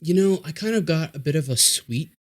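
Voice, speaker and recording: A man's voice: fairly high pitch, animated, brisk. A man chatting casually as a guest on a podcast, easygoing and agreeable. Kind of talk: casual chat.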